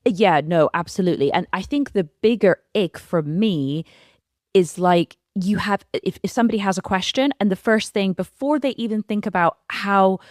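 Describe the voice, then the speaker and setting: A woman's voice: mid-range voice, normal speed, no room sound, studio quality. A British woman co-hosting a casual podcast, chatting frankly with a self-deprecating edge and lots of "like" fillers. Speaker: podcast co-host. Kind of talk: casual conversational podcast chat.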